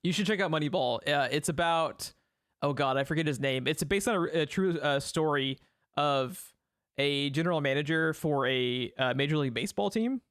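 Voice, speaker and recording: A man's voice: fairly high pitch, normal speed, fairly bright tone, smooth, dry recording, studio quality. A man co-hosting a film review podcast, rambling in casual chat, laughing often and swearing freely. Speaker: podcast co-host.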